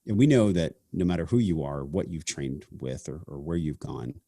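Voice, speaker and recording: Low husky man talking reflectively. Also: expressive, moderate pace, warm tone, no room sound, studio quality. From half Sicilian family heritage. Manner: reflective, earnest, says "man" and "like" often. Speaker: podcast host. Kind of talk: casual conversation.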